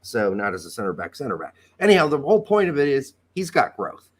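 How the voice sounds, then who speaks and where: A man's voice: medium pitch, huge pitch swings, fast talker. A man co-hosting a soccer podcast, rambling and joking, reading listener comments aloud. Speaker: podcast co-host. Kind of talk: casual soccer chat.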